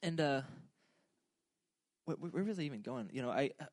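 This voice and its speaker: A man's voice: on the high side, expressive, normal speed, a little mellow, dry recording. A young man giving a humorous, casual sermon in a joking, rambling, self-deprecating way. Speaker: preacher.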